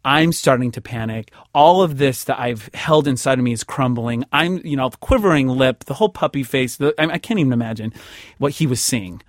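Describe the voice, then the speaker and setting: A man tells a personal story on a dry, close recording, with no room sound at all. He trips over his words and repeats himself as he acts out the voices of the people in it. His pitch sits in the middle of the male range. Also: lively intonation, brisk, no echo. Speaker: interviewee telling a personal story. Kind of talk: emotional first-person storytelling.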